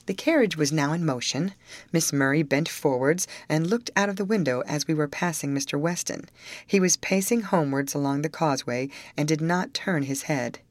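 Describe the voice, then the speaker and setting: A woman narrating a classic novel as an audiobook, in a measured, even manner on a close mic. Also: deep voice, no room sound.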